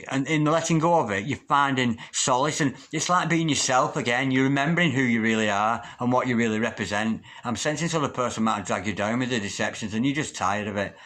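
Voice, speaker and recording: A man's voice: mid-range voice, fairly bright tone. Man, tarot reader, earnest, hesitant, repeats words, mid-range voice. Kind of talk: spoken tarot reading to camera.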